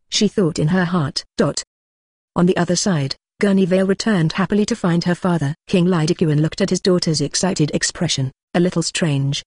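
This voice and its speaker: Flat synthetic audiobook narrator. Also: medium pitch, brisk, no echo, clean studio sound. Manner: flat, mechanical reading that speaks punctuation aloud.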